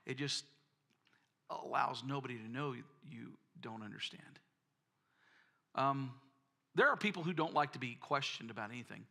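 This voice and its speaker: A man's voice: medium pitch, moderate pace, vocal fry, pauses often, pushed and bright. A man preaching a sermon, telling folksy personal stories and often repeating words. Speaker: pastor.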